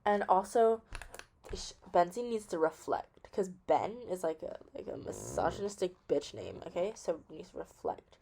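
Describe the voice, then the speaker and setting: A young woman talks through chemistry as if telling a playful story. She is chatty, thinks out loud and scatters fillers everywhere, and her pitch bounces around a lot. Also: animated, moderate pace. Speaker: student explaining chemistry. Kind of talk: casual study explanation as a story.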